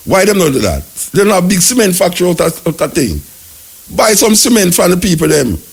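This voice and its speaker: A Jamaican man from Jamaica, hosting talk radio with animated, ranting commentary. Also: on the high side, creaky, slightly rough.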